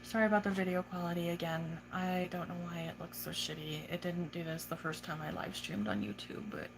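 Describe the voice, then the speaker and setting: A woman's voice: on the low side, brisk, creaky. Chatty young woman on a noisy phone stream. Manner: chatty, swears freely, coos at her spider. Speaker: tarantula keeper livestreaming. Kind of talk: casual livestream chat.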